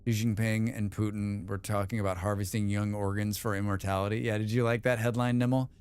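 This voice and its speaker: A man's voice: lowish voice, flat delivery, fairly quick, darkish tone, smooth, no room sound. A man streaming a game, chatting casually and answering chat with rambling, opinionated remarks. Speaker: livestream gamer. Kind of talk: casual livestream chat reading chat.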